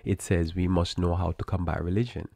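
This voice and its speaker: Low-voiced man musing, halting delivery. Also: level tone, creaky, dark tone, no room sound. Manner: halting, many fillers and restarts, stumbles over words. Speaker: church talk show host. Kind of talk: unscripted live talk reading from an article.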